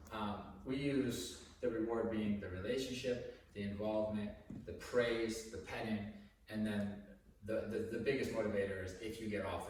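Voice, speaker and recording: A man working as a dog trainer, explaining his methods casually during a session and breaking into high, excited praise for the dog. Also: distant mic, a little hiss or hum. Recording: echoey room, voice from off the mic.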